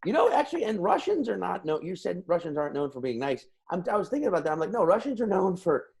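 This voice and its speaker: A man co-hosting a podcast in casual chat, talking in an animated, profane and self-mocking way. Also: high-pitched, racing, vocal fry, slightly rough. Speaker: podcast co-host.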